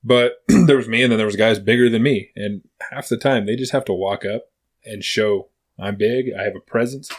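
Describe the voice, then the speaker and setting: A man's voice: fairly low pitch, fairly even intonation, moderate pace. A man talking as a guest in casual podcast chat, friendly and plain-spoken.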